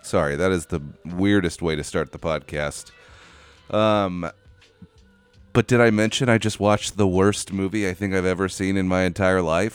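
Into a studio microphone, a man hosting a casual solo podcast rants with exasperation, swearing and rambling. His deep voice is smooth, and the recording is dry.

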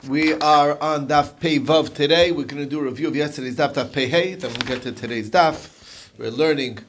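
Man teaching a lively Talmud class. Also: fairly high pitch, moderate pace, a little hiss or hum. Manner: storytelling, conversational, fielding questions. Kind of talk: daily Talmud page lesson.

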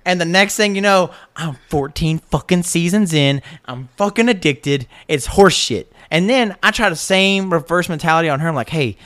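A man co-hosting a casual podcast chat, telling animated, profane stories. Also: fairly high pitch, moderate pace, hardly any pauses. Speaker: podcast co-host.

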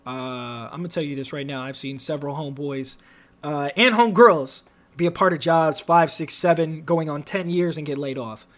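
Animated high-voiced young man with slang. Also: fairly quick. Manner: animated storytelling with slang and profanity, big pitch swings. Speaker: podcast host. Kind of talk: casual podcast chat.

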